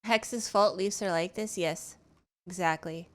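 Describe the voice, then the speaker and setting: A woman's voice: fairly low pitch, unhurried. A woman streamer chatting casually with her viewers while gaming, teasing and cursing freely.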